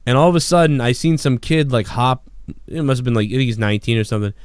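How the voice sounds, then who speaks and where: A man hosting a podcast, telling a rambling, profane story in an excitable, casual way. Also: medium pitch, fast talker, clear, resonant tone, no room sound, clean studio sound. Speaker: podcast host.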